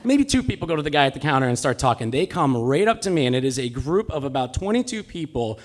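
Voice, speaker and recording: A man's voice: on the high side, very animated, fast. A man telling a personal story live on stage, with a comic, self-mocking delivery. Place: live stage in a cultural center.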